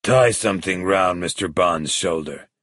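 A man reading the lines of a cold, commanding male crime boss in slow, measured threats. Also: low-pitched, a bit bright, breathy edge, dry recording, clean studio sound, full character voice.

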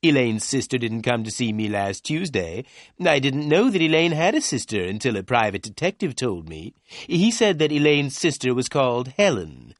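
A man voices both a polite receptionist and her boss answering the phone in an office, pitching above his own voice while keeping it natural. His mid-range voice swings widely in pitch at normal speed, with clean studio sound and no echo.

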